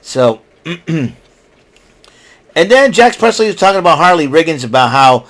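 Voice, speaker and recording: A man's voice: on the high side, sing-song, measured pace, a bit bright. A man hosting his own podcast, recapping a show in a casual, rambling, opinionated way, mocking the people he talks about. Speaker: podcast host.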